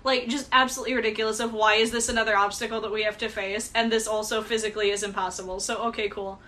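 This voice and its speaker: A woman co-hosting a podcast, chatting about a movie in a casual, animated way and swearing often. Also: mid-range voice, quick pace. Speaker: podcast co-host. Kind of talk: casual movie recap chat.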